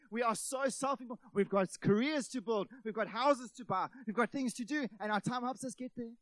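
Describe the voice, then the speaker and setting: Male preacher, high-pitched and lively, dry close sound, talks to the congregation as friends. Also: a little fast, few pauses, no echo. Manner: animated, with many rhetorical questions and acted-out quotes; addresses the audience as friends. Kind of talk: sermon.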